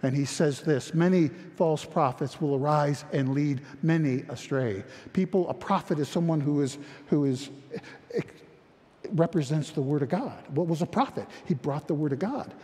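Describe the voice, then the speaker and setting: A man preaching a sermon, with an impassioned manner and frequent restarts that rise toward near-shouting. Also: a little high, moderate pace, big-room sound. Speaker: pastor.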